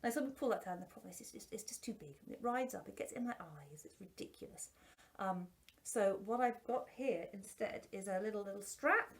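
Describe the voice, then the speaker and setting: Talking fairly quickly in an expressive, medium-pitched voice, a woman who teaches singing gives a casual product review from behind a face mask. Her voice is a little muffled, and she's self-deprecating, restarting often.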